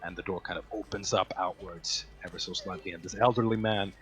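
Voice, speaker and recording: A man's voice: sits low, steady tone, brisk, a bit bright, faint music behind. A man narrating a tabletop game as game master, with frequent hesitant fillers.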